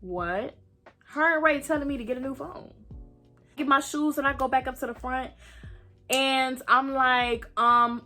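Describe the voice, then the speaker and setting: Bright-voiced young woman telling a story. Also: sits high, normal speed, soft background music. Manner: dramatic retelling, acts out quotes, swears freely. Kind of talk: animated storytime.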